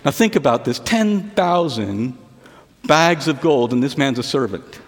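A man preaching a sermon to a church service, retelling a parable with asides and often dropping his voice low and quiet. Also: animated, a little slow, long reverb tail. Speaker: pastor.

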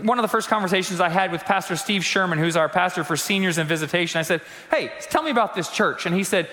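A male pastor preaching a conversational sermon in a church, acting out quotes and slowing down for emphasis. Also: high voice, expressive, sharp tone, long reverb tail. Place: church sanctuary.

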